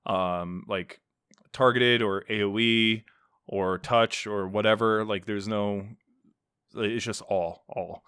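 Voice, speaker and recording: A man's voice: on the low side, fairly even intonation, takes it slowly, a bit bright, smooth, no room sound, studio quality. A man co-hosting a podcast, chatting playfully in character with a rambling, restarting delivery. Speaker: podcast co-host. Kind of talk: in-character casual chat.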